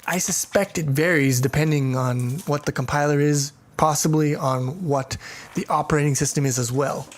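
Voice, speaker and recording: A man's voice: on the high side, steady tone, normal speed. A man walks through a programming lesson in a loose, casual way. He thinks aloud, stumbles through restarts and throws in crude jokes along the way. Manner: irreverent, joking, profane asides. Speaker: programming teacher. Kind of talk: casual coding tutorial.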